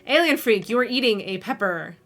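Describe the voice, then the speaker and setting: A woman's voice: on the high side, animated, a little fast, a bit bright, faint music behind. A woman streaming a game, playfully reading out options and chat messages and laughing often. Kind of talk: casual livestream game narration.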